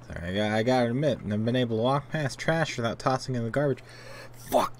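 Man, casual let's play commentator, profane and excitable, mid-pitched, faint hiss. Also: quick pace. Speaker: gameplay commentator.

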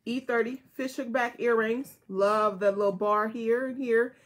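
A chatty woman runs a live jewelry sale, her voice sitting a little high. She talks casually to viewers, calling them y'all and mama, and repeats each item code. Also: fairly even intonation, measured pace. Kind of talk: casual live selling chat.

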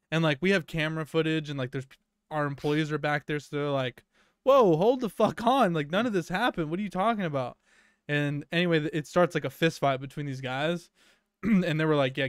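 A young co-host on a podcast tells a long workplace story casually, loaded with fillers and curse words. His voice is fairly high, a bit bright, and smooth, captured in studio quality with no echo.

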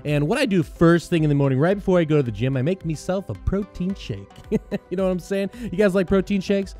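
A man's voice: high-pitched, fairly quick, dark tone, faint music behind. A young man doing comedic radio DJ patter, upbeat and corny, chuckling at his own puns. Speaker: Christian radio DJ parody.

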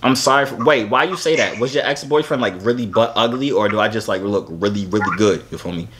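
A young man in his twenties talks through his phone on a video chat app, teasing and bragging in a loose, joking way. His pitch sits in the middle, and a faint hiss runs behind him. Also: fast talker, a bit bright. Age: 20s. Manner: playful, teasing, boastful. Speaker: vlogger chatting with strangers on a video chat app.

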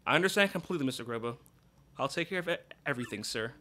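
A man voicing a reserved, formal female manager, speaking low and quietly. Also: expressive, racing.

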